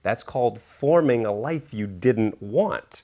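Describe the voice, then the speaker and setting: A middle-aged man with a low voice tells stories in an animated interview. He grows enthusiastic and acts out quotes with sudden leaps in pitch. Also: slow. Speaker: author and speaker.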